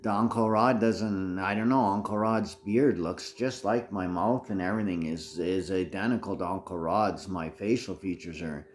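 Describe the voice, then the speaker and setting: A man with a very deep, low voice talks on in a loose, rambling monologue. He circles back, repeats words and restarts his sentences, with a faint hum behind him. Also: normal speed, hardly any pauses. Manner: rambling, repetitive, restarts phrases.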